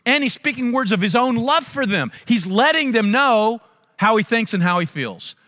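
A man preaching a sermon as a pastor, telling stories with animated delivery and acting out voices. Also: very high voice, normal speed. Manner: animated storytelling, acts out voices. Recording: long reverb of a large hall.

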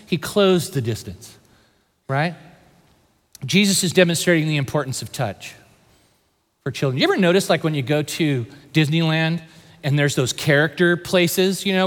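A pastor from the Bay Area delivers a lively sermon, often stopping to ask the congregation questions. His voice sits high and sounds bright and forceful. A long reverb trails behind him in a large hall. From Bay Area, California. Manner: animated, asks the crowd questions.

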